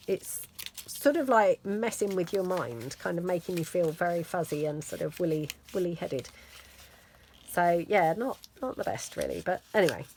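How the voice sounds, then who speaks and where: A woman's voice: lowish voice, a little hiss or hum. Chatty woman rambling casually. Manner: rambling and self-deprecating, lots of fillers. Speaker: crafting channel host.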